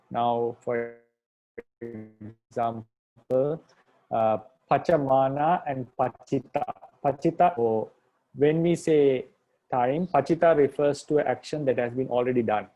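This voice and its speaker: Mellow-voiced monk patiently teaching grammar. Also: male voice, medium pitch. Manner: patient, repetitive, restates points with "right?". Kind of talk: explanatory lecture.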